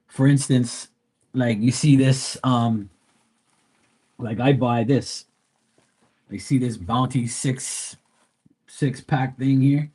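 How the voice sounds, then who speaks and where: A man's voice: medium pitch, a little mellow, slightly rough. A man chatting casually on a live tarot stream, telling rambling stories in a blunt, profane way. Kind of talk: casual livestream chat.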